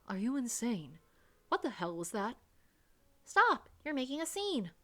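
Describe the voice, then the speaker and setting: A woman's voice: mid-range voice, expressive, a little slow. Woman playing a French young man, exasperated, scolds under his breath; French accent; game read-through. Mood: scolding.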